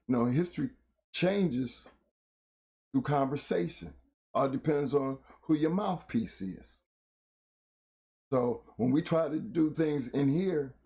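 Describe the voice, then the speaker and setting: Hoarse middle-aged man hosting a live talk show. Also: mid-range voice, mellow. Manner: loose, rambling slang-heavy talk with many fillers. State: hoarse from illness.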